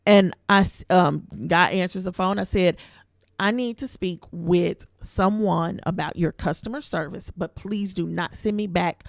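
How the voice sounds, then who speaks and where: A woman's voice: on the low side, unhurried, creaky, no room sound, studio quality. A woman co-hosting a podcast, telling a story in casual, colloquial speech and acting out the voices of the people in it. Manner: animated storyteller who acts out quoted voices. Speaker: podcast co-host.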